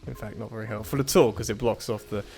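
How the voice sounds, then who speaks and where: A man's voice: fairly low pitch, fairly even intonation, quick pace, over music. A man doing casual gameplay commentary on a puzzle game, muttering to himself as he works things out, with self-deprecating asides and sudden frustrated outbursts.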